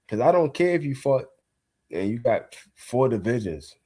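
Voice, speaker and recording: A man's voice: medium pitch, very animated, normal speed, warm tone, husky. Blunt, opinionated man talking boxing. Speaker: co-host. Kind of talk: casual boxing chat.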